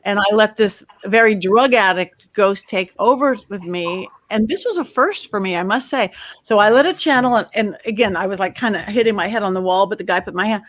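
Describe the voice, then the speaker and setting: A middle-aged woman on a panel, telling lively stories and acting out the quoted voices in them. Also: mid-range voice, a little fast. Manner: animated storyteller, acts out quotes. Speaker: medium, panel guest. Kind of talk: casual panel chat.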